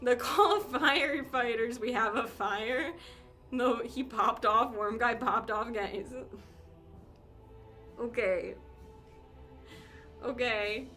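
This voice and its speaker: A woman's voice: a little high, slow, long pauses, pushed and bright. A woman livestreamer chatting casually and playfully with her viewers, giggling and teasing as she reacts. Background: faint game music.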